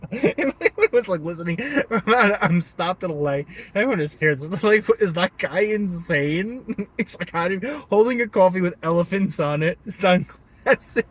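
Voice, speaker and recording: A young man ranting casually while driving, animated and laughing often. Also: sits high, moderate pace, low-quality recording. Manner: animated, laughing often, puts on silly voices. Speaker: vlogger. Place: in a car at a stoplight. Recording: car and traffic noise behind.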